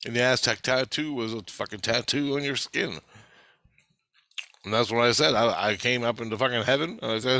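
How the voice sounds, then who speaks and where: A man's voice: medium pitch, normal speed, bright, forceful tone, no room sound. A man speaking in a casual, rambling monologue, blunt and full of swearing. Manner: blunt, heavily profane, rambling with restarts. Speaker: channel host.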